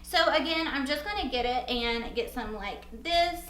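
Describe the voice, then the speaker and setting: A young woman with a Southern US accent chatting casually through a makeup tutorial, bubbly and quick to laugh at herself. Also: high voice, expressive, fairly bright tone, roomy sound, a little hiss or hum, low-quality recording. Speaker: beauty vlogger.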